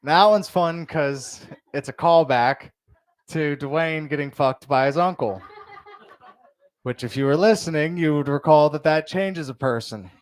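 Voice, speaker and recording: A young man performs stand-up at a bar show, with a clean, resonant voice pitched a little high. He rambles through crude stories with plenty of fillers, sounding close and dry. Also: measured pace, dry recording. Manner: loose, rambling delivery with crude jokes and fillers. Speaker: stand-up comedian. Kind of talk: stand-up comedy set.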